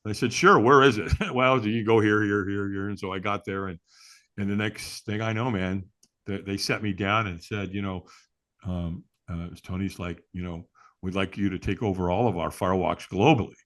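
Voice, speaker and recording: This middle-aged man speaks in a low voice at a moderate pace. He's a firewalk instructor appearing as a guest in a casual chat, animatedly telling stories, acting out quotes, and laughing often.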